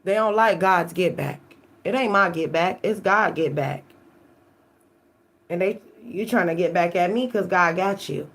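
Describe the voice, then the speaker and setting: A woman's voice: fairly low pitch, unhurried, a bit bright. A woman tarot reader giving an emphatic, profane live-stream monologue, often checking in with "okay?".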